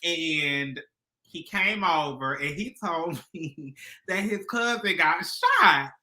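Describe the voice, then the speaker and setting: Speaking slowly in a low voice, a woman co-hosts a relaxed chat show. She's an animated storyteller who laughs a lot.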